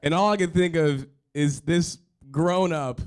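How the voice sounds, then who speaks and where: A man in his thirties telling an emotional personal story on stage at a live storytelling show, self-mocking, with excited bursts. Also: fairly high pitch, a little slow, smooth.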